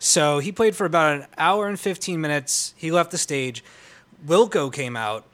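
A man on a casual comics podcast who rambles through his memories with easy enthusiasm. His speaking voice sits a touch high for a man. He talks loosely and uses plenty of "uh" and "like.". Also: moderate pace, fairly bright tone. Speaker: podcast panelist. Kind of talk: casual chat.

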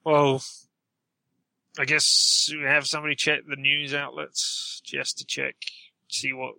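A man's voice: mid-range voice, level tone, slow pace, creaky, pushed and bright, dry recording. A man playing in a tabletop game, talking in an exasperated way with sighs. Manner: exasperated, lots of sighs and "jeez". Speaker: player.

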